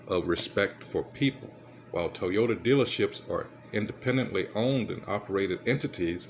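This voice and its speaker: Deep-voiced man reading news with asides. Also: a little hiss or hum. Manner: halting, fumbles with his device and mutters asides. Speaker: commentator reading news aloud. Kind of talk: casual commentary while reading articles aloud.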